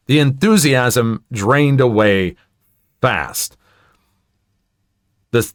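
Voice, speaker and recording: A man's voice: mid-range voice, dry recording, studio quality. A man reading online stories aloud and adding his own asides, telling them expressively. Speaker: story narrator.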